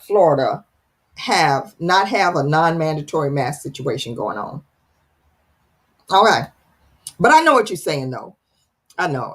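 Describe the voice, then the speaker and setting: A woman with a fairly low-pitched, breathy-edged voice hosts a casual livestream chat, reading out viewer comments in a playful, teasing, dramatic manner.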